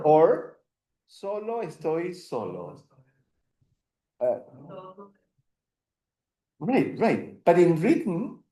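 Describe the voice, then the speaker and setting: Male language teacher, unhurried delivery, patient, repeats and affirms, roomy classroom echo. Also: fairly high pitch, dark tone. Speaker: Spanish teacher. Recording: echoey room sound.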